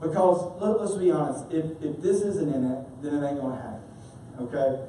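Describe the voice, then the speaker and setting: A man preaching a sermon as a pastor, telling stories with animated humor. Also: fairly high pitch, normal speed, slight background noise. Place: church sanctuary. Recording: echoey church hall from far off.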